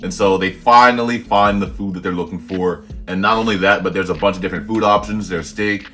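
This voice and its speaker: A man co-hosting a casual chat, recapping a comic chapter in a laid-back, animated way. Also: low voice, brisk, soft background music. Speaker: co-host.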